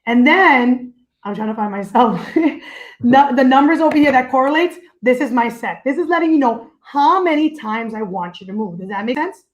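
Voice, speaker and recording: An energetic, joking woman on a video call, explaining the dance teaching system she created in a lively, teacherly way. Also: sits high, moderate pace, lo-fi sound. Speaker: guest, dance company founder.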